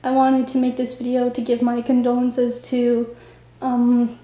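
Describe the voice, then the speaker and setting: A woman vlogger fighting back tears, talking in a halting, hesitant way with many pauses. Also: a little high, monotone. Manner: halting, hesitant, soft-spoken. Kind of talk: tearful video tribute. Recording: echoey room.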